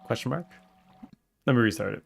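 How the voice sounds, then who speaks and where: Gravelly-voiced man streaming a game. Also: mid-range voice, brisk, faint music behind. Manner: excitable, yells at game characters with mock outrage. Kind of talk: casual let's-play commentary.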